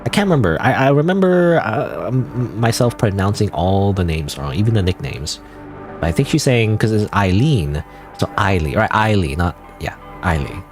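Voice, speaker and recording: A man's voice: on the low side, big pitch swings, normal speed. A man streaming a video game, chatting casually and rambling with lots of "like" and "you know". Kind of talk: casual let's-play commentary. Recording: game music playing under voice.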